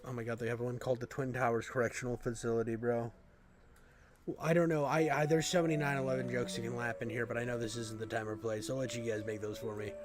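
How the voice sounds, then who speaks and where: A man's voice: medium pitch, little pitch movement, quick pace. A man giving casual reaction commentary, incredulous and rambling, with lots of fillers and some swearing. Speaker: reaction streamer.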